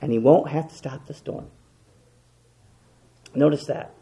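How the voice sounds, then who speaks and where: A man preaching a sermon with passion, swinging between loud, emphatic repetition and hushed, quiet lines. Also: on the high side, a little slow.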